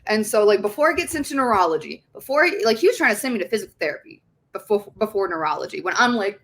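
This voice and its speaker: A woman in her twenties, a podcast guest telling her story in a casual, chatty way, with lots of "like" fillers, frequent swearing and an animated delivery. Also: mid-range voice, fast. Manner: heavy use of "like" fillers.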